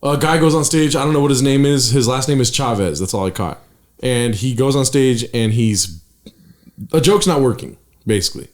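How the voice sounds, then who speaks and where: A man's voice: medium pitch, normal speed. Guy on a podcast telling a comedy-club story, voice jumps all over, swears a lot, lots of ums. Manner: animated, swearing, trails off into fillers. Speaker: podcast co-host and stand-up comic. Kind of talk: casual storytelling chat.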